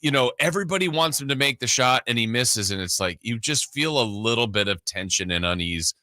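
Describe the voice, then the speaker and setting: A man's voice: mid-range voice, animated, fairly quick, sharp tone, no room sound. A man co-hosting sports radio talk, conversational, telling stories and acting out quotes into a studio mic. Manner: conversational, storytelling, acts out quotes.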